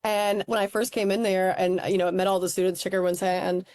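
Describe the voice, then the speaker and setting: A woman academic guest on a podcast interview, talking in a quick, animated, casual way. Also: medium pitch, no room sound, studio quality.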